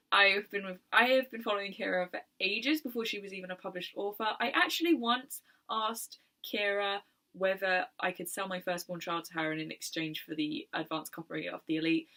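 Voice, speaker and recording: A young woman chatting casually about books in her video, enthusiastic and quick to laugh. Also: mid-range voice, sharp tone. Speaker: book vlogger. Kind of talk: casual chat.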